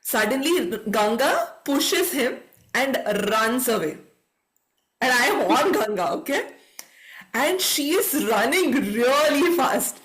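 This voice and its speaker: Woman on a video call, bit high voice, acting out her story. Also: takes it slowly. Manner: animated, acts out her own thoughts. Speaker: storyteller sharing a personal story.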